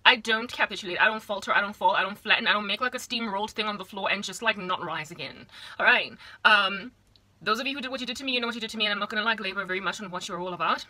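A young woman from South Africa rattles through a casual vlog monologue at a quick clip, animated and slangy. Her voice is very bright and forceful, and the sound is dry and close. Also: medium pitch, no room sound, rough recording. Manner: animated and chatty, slangy asides. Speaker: vlogger. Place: small home room.

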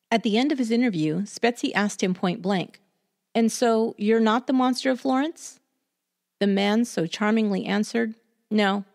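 A woman hosting a podcast, reading a scripted true crime story in a measured, deliberate way. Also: lowish voice, vocal fry, darkish tone.

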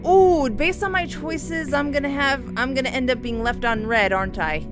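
A young woman giving let's-play commentary, excitable and gushing, thinking out loud as she plays. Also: high voice, normal speed. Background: game background music.

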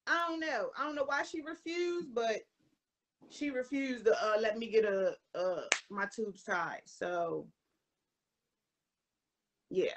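Brash high-voiced Baltimore woman. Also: takes it slowly, pauses often, noisy background. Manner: brash, profane, laughing. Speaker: guest. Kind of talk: casual chat on a livestream.

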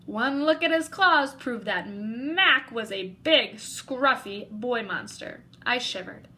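A woman reading a children's picture book aloud in an expressive way, narrating as a young boy. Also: fairly high pitch, slow pace, slight background noise, low-quality recording. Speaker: storybook reader.

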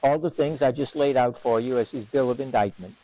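A man leading a parish Bible study as its teacher, questioning his class and repeating key lines for emphasis in an unhurried classroom lecture. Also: medium pitch, dark tone, low-quality recording. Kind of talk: lively classroom lecture on scripture.

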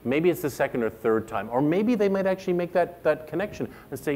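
A middle-aged man leading an interactive workshop, talking to the room in an animated way and acting out the remarks he quotes. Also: a little high, a little fast, hardly any pauses, slight background noise. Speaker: workshop presenter.

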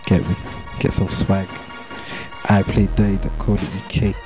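A deep voice with little pitch movement, at a normal pace, belongs to a young rapper from England. Chatting casually in an interview, he uses a London street accent and heavy slang and repeats himself laid-back style; music sits under the recording.

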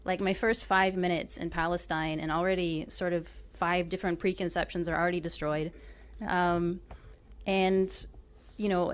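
Woman from Oklahoma, author at a book talk, chatty and self-deprecating, lower-pitched. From Oklahoma, USA. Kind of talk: casual storytelling with book reading.

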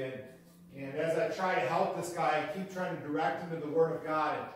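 A man's voice: high voice, fairly even intonation, fairly quick. Man preaching in a very echoey hall. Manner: earnest teaching, repeats key phrases for emphasis. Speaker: pastor. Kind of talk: sermon. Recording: very echoey hall, mic far off.

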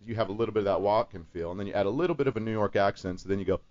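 On a radio talk show, a guest voice actor explains and demonstrates how to construct voice impressions, speaking fast in a somewhat low, slightly mellow voice. The broadcast sound is dull and lo-fi.

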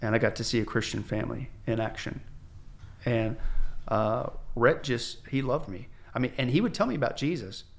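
An American male pastor appears as a podcast guest, recounting his conversion as candid testimony. He tells it animatedly, acting out the voices of people he quotes and often restarting sentences, in a gravelly mid-range voice at normal speed, captured on a podcast microphone.

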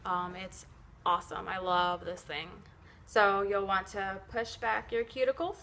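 A woman with a bright, clear-toned voice talks through a casual at-home tutorial. She rambles chattily, fills pauses with "um," corrects herself and laughs at her own slips. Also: medium pitch, fairly even intonation, slight background noise. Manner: chatty, rambling, many fillers and self-corrections. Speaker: nail wrap seller demonstrating at home.

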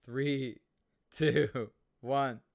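A man's voice: medium pitch, fairly even intonation, drawn-out words, vocal fry, background noise. A man hosting a casual gaming livestream, chatty and reading viewer comments aloud as he talks. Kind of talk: casual live-stream chat.

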